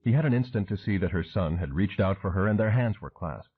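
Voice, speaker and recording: A man's voice: sits low, expressive, a little fast, husky. A man narrating an audiobook thriller with dramatic storytelling. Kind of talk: scripted narration. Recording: tinny phone-like audio.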